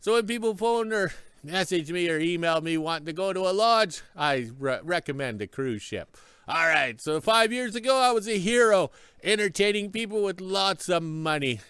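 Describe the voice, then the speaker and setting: A man's voice: high voice, expressive, normal speed, fairly bright tone, clean tone, no echo. A man telling a story in a casual vlog, chatty and stopping often for an emphatic "yes". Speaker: vlogger.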